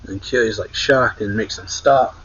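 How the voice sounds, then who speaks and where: A man's voice: fairly low pitch, a little slow, a bit bright, dull audio, slight background noise. A man casually recapping a story in a loose, rambling way, often correcting himself. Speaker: manga reaction host.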